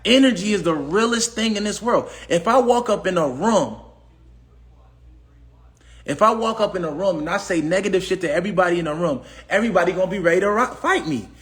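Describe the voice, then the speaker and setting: Brief: high-pitched man, AAVE, preachy livestream motivational speaker, repeats himself. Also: brisk, fairly bright tone. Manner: preachy, repetitive, asks the audience questions. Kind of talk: casual motivational talk.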